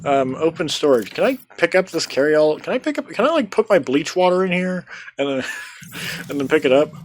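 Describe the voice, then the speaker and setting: Casting: man, casual let's play chatter, very lively pitch. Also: brisk, a little hiss or hum. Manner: chatty, laughing, thinking aloud. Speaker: gamer.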